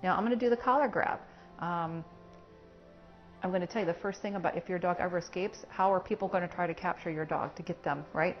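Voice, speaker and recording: Brief: woman dog trainer, lowish voice, practical teaching, dull lo-fi recording with faint music. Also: fast talker. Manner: practical, explaining while working a puppy. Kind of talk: hands-on training lesson. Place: in a home.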